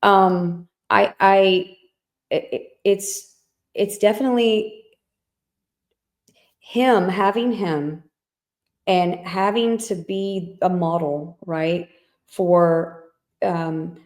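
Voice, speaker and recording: A woman's voice: on the low side, steady tone, very slow, long pauses, a little mellow. Candid woman telling a personal story. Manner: candid, emotional storytelling with many fillers. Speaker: podcast co-host. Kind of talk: casual chat.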